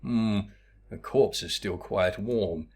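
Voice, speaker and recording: A man's voice: on the low side, slow pace, a little mellow. A young man chatting casually as he streams a game, tired, swearing freely and laughing at what he sees. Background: game music.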